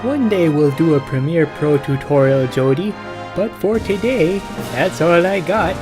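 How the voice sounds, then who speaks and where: Man, vlog narrator, dry jokey delivery, lively intonation, music under the voice. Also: fairly high pitch, unhurried. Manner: deadpan, tags lines with "eh". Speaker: vlogger. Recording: music behind.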